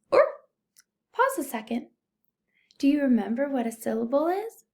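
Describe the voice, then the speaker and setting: A young woman teacher giving a recorded phonics lesson to young children, speaking slowly and clearly, patient and encouraging. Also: high voice, a little mellow. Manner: slow, clear, patient teaching voice, addressing "boys and girls". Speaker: first-grade teacher.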